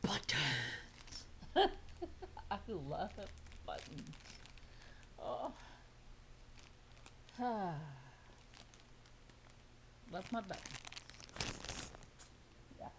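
A woman's voice: mid-range voice, animated, extremely slow, creaky, long pauses, noisy background. A woman vlogging a casual unboxing of fabric for her sewing channel, gushing and squealing over each piece.

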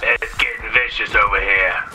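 A man announcing a joust in game role-play, with brisk countdowns and shouted calls to battle. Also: fairly low pitch, fairly even intonation. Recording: noisy voice chat.

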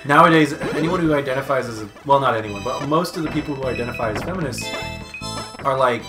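A man's voice: medium pitch, fast talker. A man co-hosting a casual chat, blunt and heavily profane. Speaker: co-host. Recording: loud background music.

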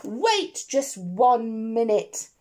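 A woman's voice: on the high side, sing-song, very slow, darkish tone, exaggerated voice. A woman voicing a fussy, bossy female professor in a rhyming storybook, speaking firmly and insistently.

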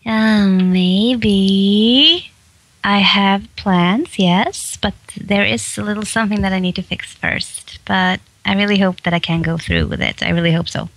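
A woman's voice: mid-range voice, unhurried, no echo. A woman from Sweden, a voice actress, chatting in an interview and laughing often. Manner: giggly, animated, laughs often. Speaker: guest voice actress. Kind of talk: casual interview chat.

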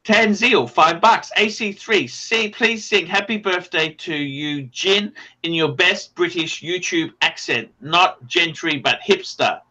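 A man hosts a casual livestream chat, swearing freely and brashly rattling off the names of donors. His voice sits high and sounds pushed and bright, delivered slowly with few pauses. The audio quality is poor.

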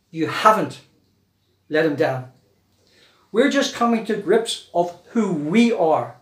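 A South African man preaching a sermon earnestly, acting out the voices in the Bible story he tells. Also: sits high. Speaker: pastor. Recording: echoey church room.

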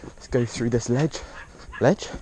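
Excitable young man vlogging on a run. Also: medium pitch, slow, noisy background. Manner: excitable, swears often, talks to camera. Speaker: travel vlogger. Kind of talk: casual vlog while running outdoors. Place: outdoors on rocky coast and beach. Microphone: phone held while moving.

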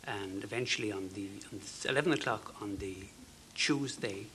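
An Irish man in his fifties, a talk show guest, telling a personal story in an earnest, halting way. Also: lowish voice, a little hiss or hum. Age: 50s. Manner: earnest, halting, with fillers and soft dropped phrases.

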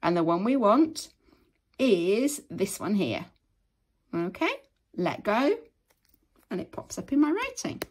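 A woman's voice: mid-range voice, very animated, takes it slowly, pauses often. A woman, teaching patiently and step by step in a screen-share tutorial. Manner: patient, step-by-step, frequent "okay".

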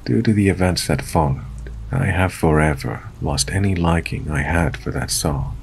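A man narrating a first-person scary story in a steady, low-key storytelling manner. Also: normal speed, creaky, slight background noise.

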